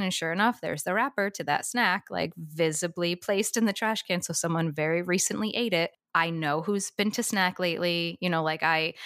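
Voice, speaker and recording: A woman with a fairly low voice talks through a classroom story in a calm, matter-of-fact way, as a teacher would. The sound is dry and close, with no room around it. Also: no echo. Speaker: Montessori teacher and podcast co-host. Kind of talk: casual podcast discussion.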